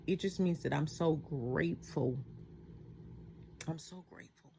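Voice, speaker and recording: A middle-aged woman talking heartfelt and reflective in a personal vlog at home at night, halting often with fillers. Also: deep voice, gravelly, mellow, a little hiss or hum. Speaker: vlogger.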